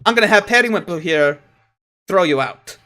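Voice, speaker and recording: A man putting on a suspicious village shopkeeper who snaps at strangers in a tabletop game. The voice sits fairly high and has a scornful, impatient edge. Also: expressive, normal speed, pushed and bright. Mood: threatening. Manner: scornful, snapping at outsiders. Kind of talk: tabletop game role-play.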